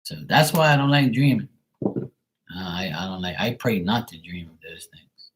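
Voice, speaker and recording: A man's voice: deep voice, animated, normal speed. A man hosting a tarot livestream, chatting casually with viewers in a rambling, profane storytelling way.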